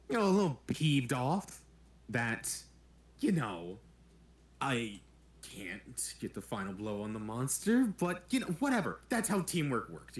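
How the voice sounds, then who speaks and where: Cocky loner ranger talking back, pitch jumping all over, roomy echo, a man voices him. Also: natural voice. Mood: sarcastic. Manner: defensive, sarcastic, swears. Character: brash defensive young male ranger, a loner. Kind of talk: in-character tabletop role-play.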